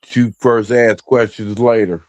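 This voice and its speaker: A man's voice: on the low side, fairly even intonation, measured pace, a little mellow, no room sound. Blunt man with a dry close sound. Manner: blunt, terse. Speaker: livestream guest. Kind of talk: casual commentary.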